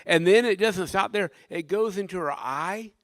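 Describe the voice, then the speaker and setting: An older man, a pastor, delivering a sermon with dynamic preaching that swings from loud emphasis to hushed tones. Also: high voice, moderate pace, dry recording.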